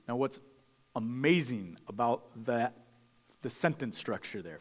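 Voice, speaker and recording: A man's voice: medium pitch, sing-song, takes it slowly, pauses often, long reverb tail. A man preaching a sermon, emphatic and conversational, repeating key phrases and dropping in casual asides. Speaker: pastor.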